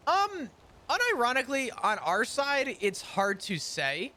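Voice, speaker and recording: A man's voice: extremely high pitch, huge pitch swings, unhurried, pushed and bright. A man in casual roleplay chat, rambling through long explanations and laughing often. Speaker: roleplay character in a court case.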